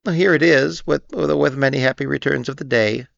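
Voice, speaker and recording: A man voicing a timid, anxious little male piglet who stammers in a high squeaky voice, in a storybook reading. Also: moderate pace, gravelly, no echo. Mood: nervous. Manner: stammering, nervous. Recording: dull lo-fi recording.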